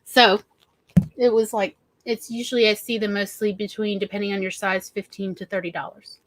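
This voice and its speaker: A woman with a Southern US accent hosts a relaxed livestream chat, rambling along and laughing often. Her mid-range voice is level in tone, a bit bright, at a normal pace, with no echo.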